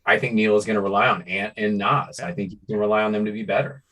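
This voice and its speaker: A man's voice: fairly low pitch, fairly even intonation, quick pace, sharp tone. A man co-hosting a casual sports podcast, talking in a laid-back, rambling way. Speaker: podcast co-host.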